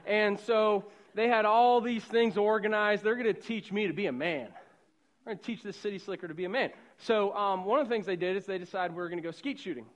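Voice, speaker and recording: A middle-aged man from the Boston suburbs preaching a sermon, telling a story in a loose, conversational way and swinging from hushed to loud. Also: high-pitched, a little fast.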